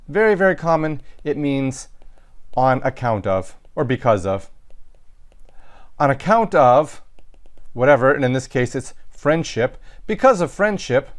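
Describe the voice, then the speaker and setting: A man teaching a recorded lesson, explaining sentences step by step in a methodical way, with some fillers and self-corrections. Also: on the high side. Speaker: Latin teacher. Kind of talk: recorded lecture walking through sentences.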